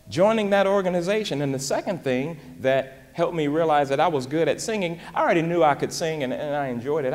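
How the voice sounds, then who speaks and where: Man, motivational speaker, fairly high voice, lively and folksy, in a big reverberant hall. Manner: animated, folksy, repeats "man" and "y'all". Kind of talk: live motivational talk.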